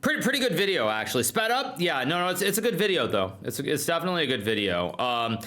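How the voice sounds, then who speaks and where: Bright, animated man reacting on stream. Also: a little high, fast talker. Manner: excitable, repeats himself, stumbling restarts. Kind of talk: casual chat.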